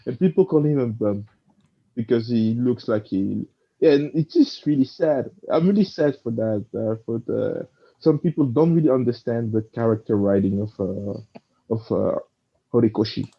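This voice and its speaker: Halting man on dull lo-fi audio. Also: medium pitch, creaky, slightly rough. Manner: halting, searches for words. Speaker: co-host. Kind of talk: casual discussion.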